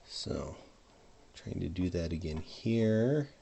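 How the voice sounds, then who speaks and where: A man's voice: low voice, expressive, takes it slowly, vocal fry, mellow, a little hiss or hum. A man narrating his hardware soldering as he works, mumbling and trailing off mid-thought, at a home workbench, leaning in and out from a desk microphone. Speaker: hobbyist modder. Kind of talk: casual narration while soldering.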